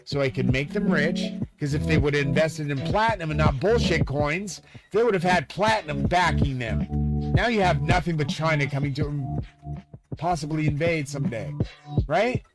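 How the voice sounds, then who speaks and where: At normal speed, with a voice on the high side, a man delivers a profane, agitated, grandiose rant directly to his live-stream audience. Loud music plays in the background throughout.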